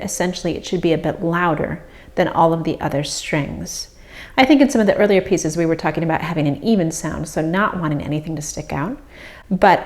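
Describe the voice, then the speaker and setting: Lowish woman's voice, harp teacher explaining stuff calmly, harp plucking faintly behind. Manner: calm and explanatory, with soft fillers. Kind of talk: instructional explanation. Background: harp playing.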